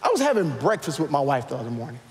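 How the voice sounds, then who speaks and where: A man's voice: a little high, very fast, big-room sound. A man preaching a sermon as pastor to a live church congregation, calling out questions and asking for raised hands. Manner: animated, calls out questions to the congregation.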